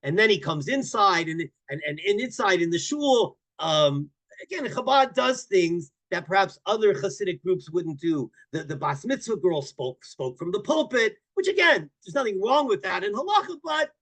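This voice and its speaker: High-pitched guy rabbi teaching a class, tells stories all animated, keeps repeating himself, gets loud on the big points. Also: moderate pace. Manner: animated storyteller, repeats words, bursts of loud emphasis. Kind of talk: Torah class storytelling.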